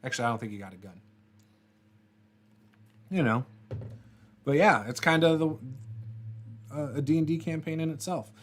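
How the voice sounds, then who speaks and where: A man's voice: on the high side, normal speed, pauses often. A man hosting a casual tabletop RPG livestream, rambling and laughing often, with many fillers and restarts as he answers viewer comments.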